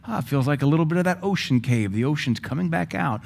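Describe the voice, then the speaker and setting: Lively joking male pastor preaching. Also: a little high, quick pace, vocal fry, a little hiss or hum. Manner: lively, joking, bursts into praying in tongues. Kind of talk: sermon teaching.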